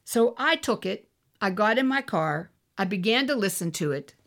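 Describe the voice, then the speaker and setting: A woman's voice: medium pitch, expressive, normal speed, fairly bright tone. A woman ministering, telling a personal testimony in an earnest storytelling way and acting out the voices she quotes. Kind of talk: testimony sermon.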